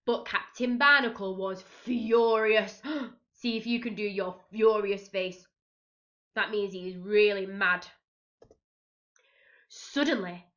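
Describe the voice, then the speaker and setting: A woman's voice: mid-range voice, a bit bright, dull audio. A woman teaching young children, reading a picture book aloud expressively, gasping and asking them questions as she goes. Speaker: reception teacher.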